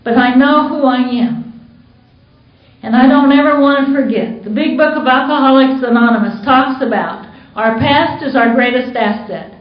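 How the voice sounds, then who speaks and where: A woman's voice: high-pitched, moderate pace. A woman from the United States sharing her story at a recovery meeting, candid and storytelling, acting out quoted dialogue. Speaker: Al-Anon speaker. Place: meeting hall. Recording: roomy dull conference recording.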